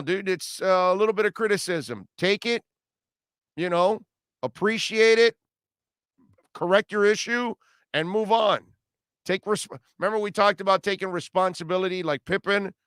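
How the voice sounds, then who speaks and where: A man's voice: sits high, fairly bright tone, clear, resonant tone, no room sound, studio quality. A middle-aged man hosting a radio talk show, delivering a blunt, ranting opinion monologue full of casual slang.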